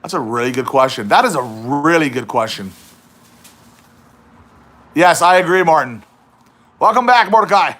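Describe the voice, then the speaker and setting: A man hosts a casual livestream, chatting and teasing as he reads out viewer questions. His voice sits high and sounds bright and ringing. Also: sing-song, moderate pace, pauses often. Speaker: livestream host.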